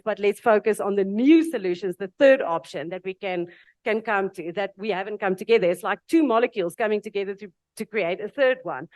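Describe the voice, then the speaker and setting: A woman's voice: mid-range voice, no echo. A South African woman with an Afrikaans accent, speaking earnestly and with animation at a panel event before an audience. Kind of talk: reflective speech at a dialogue event.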